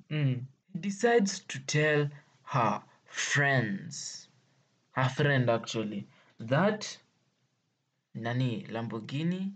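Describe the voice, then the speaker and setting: Unhurried Kenyan storyteller, playful and laughing. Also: mid-range voice. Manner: playful, exclaiming, laughing often, mixing English with Swahili slang. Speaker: vlogger telling stories. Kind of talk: casual storytelling to viewers.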